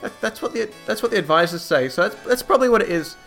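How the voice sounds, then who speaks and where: A man's voice: high voice, animated, quick pace, vocal fry, fairly bright tone, faint music behind, voice pushed up, full character voice. A man voicing a nervous young male lord in a tabletop game, who stammers and sputters as he insists he is not scared. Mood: flustered denial. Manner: stammering, flustered.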